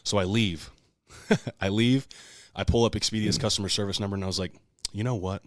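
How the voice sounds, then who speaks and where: A man's voice: lowish voice, fairly even intonation, quick pace, a bit bright, dry recording, studio quality. A man co-hosting a podcast, telling a long story in casual, profane, heated talk. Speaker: podcast co-host.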